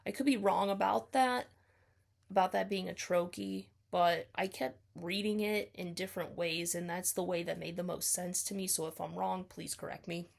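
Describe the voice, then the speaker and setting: A woman's voice: fairly low pitch, fairly even intonation, normal speed, creaky. A woman talking through her reading of a poem, tentative and full of ums, often hedging and correcting herself. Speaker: student explaining a poem. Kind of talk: casual spoken poetry analysis.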